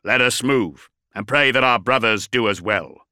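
A man voicing a stern male cyborg warrior elder in a storybook reading, with a grave, measured delivery. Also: mid-range voice, pushed and bright, no echo, clean studio sound.

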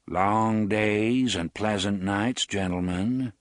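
A man voicing a gaunt, haughty older landowner with a cool, measured manner in an audiobook. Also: on the low side, no room sound, clean studio sound. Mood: disdainful. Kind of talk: audiobook character voice.

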